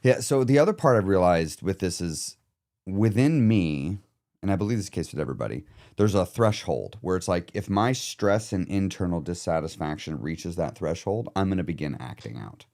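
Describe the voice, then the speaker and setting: Low, dark-voiced male coach. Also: lively intonation, normal speed. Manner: candid, reflective, occasional swearing. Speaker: emotional eating coach. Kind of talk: casual podcast conversation.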